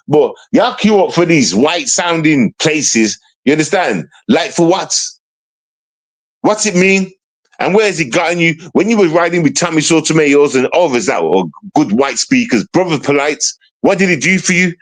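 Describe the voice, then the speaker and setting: A man hosts a livestream, ranting casually and confrontationally in a fairly high voice on a rough recording. He's slangy and repetitive, restarting often.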